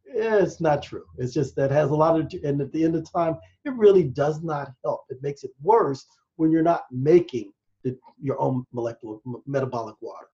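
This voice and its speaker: An enthusiastic American man talks in a rambling, excited way as a podcast guest, explaining science as he goes. His voice sits a little high and sounds mellow and warm. The recording is slightly muffled and lo-fi. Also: normal speed. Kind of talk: casual interview talk.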